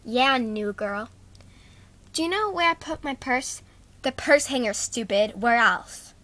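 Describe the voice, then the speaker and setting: A young girl performs a homemade doll skit and voices every character herself. Her voice sits high and sounds bright, and she switches between the girls as the scene goes.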